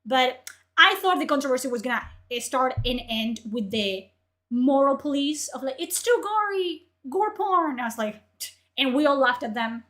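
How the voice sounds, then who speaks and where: A woman streamer ranting in profane, exasperated commentary, her voice strained from yelling. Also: high-pitched, normal speed.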